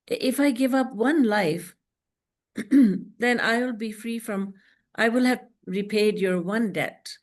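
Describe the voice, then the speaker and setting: Woman teacher giving a devotional talk on a video call, earnest storyteller, slows right down for the verses. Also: medium pitch. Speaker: spiritual teacher.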